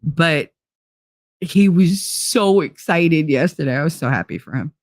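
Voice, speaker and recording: A woman's voice: sits low, lively intonation, a little slow, a little mellow, no room sound, clean studio sound. Chatty, blunt woman hosting a livestream. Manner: chatty, blunt and swearing, laughs easily. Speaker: livestream talk show host. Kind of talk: casual chat reading viewer comments.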